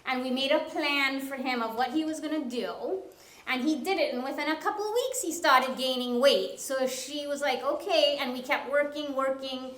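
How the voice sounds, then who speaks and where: A woman's voice: sits high, moderate pace, a bit bright. A woman health practitioner on a seminar panel, earnestly telling a patient story. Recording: echoey room.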